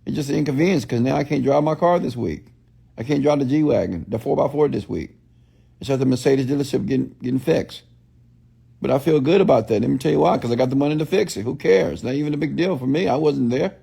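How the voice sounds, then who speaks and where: A man speaks in a blunt, preachy motivational style, repeating questions like a preacher working a crowd. His voice is gravelly with a fry at the edges, and the tone sits dark and mellow. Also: medium pitch, fast talker. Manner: preachy, repetitive call-and-response questions; blunt, scolding. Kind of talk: motivational livestream talk.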